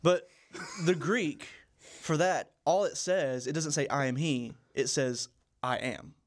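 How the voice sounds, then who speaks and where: A man's voice: fairly high pitch, takes it slowly. A young man co-hosting a casual Bible study podcast, earnest and often repeating and restarting his phrases. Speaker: co-host.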